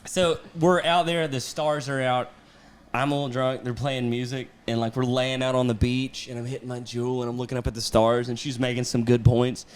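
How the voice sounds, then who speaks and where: A man's voice: medium pitch, little pitch movement, moderate pace, clear, resonant tone. A man hosting a podcast, telling a long comic story with lots of swearing and laughter. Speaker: podcast host, comedian. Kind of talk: casual storytelling chat.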